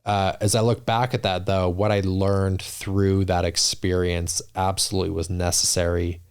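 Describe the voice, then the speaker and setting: A man's voice: sits low, little pitch movement, normal speed, clear, resonant tone. A man talking as a podcast guest in casual interview chat, earnest and reflective, often restarting his sentences. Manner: earnest, reflective, many restarts and "you know".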